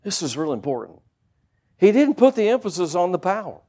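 Male preacher, high and very lively pitch, conversational sermon with homey examples. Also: brisk. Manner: animated, conversational, folksy asides. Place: church service with congregation.

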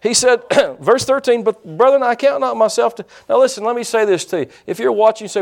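Gravelly, blunt middle-aged preacher man. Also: extremely high pitch, a little fast, hardly any pauses. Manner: folksy, blunt preaching with quoted asides. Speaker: pastor. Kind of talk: sermon.

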